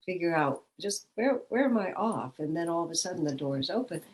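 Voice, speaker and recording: A woman's voice: on the low side, expressive, fairly quick, poor audio. A woman, a spiritual teacher, giving a reflective satsang talk and asking questions aloud.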